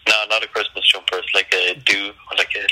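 Bright low-voiced young man on a tinny line. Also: level tone, a little fast, slight background noise. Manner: short replies, hesitant with many "uh"s. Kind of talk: casual chat.

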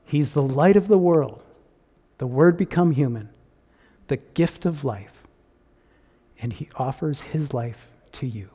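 A man telling a story in a sermon, restarting phrases often and dropping to hushed tones. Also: medium pitch, slow, long pauses, slightly rough. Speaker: pastor. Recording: long reverb of a large hall.

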